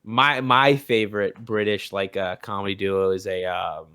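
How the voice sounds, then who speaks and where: A man's voice: fairly low pitch, steady tone, moderate pace, bright, forceful tone, clear, resonant tone. A young man co-hosting a podcast, chatting casually and rambling with lots of restarts and fillers. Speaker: podcast co-host. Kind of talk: casual chat.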